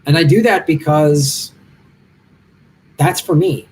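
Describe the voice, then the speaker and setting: Impassioned middle-aged comic, fairly high voice. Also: male voice, slow pace. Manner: impassioned, blunt, rambling. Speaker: stand-up comic hosting a live Q&A stream. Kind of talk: casual chat answering viewer comments. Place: hotel room.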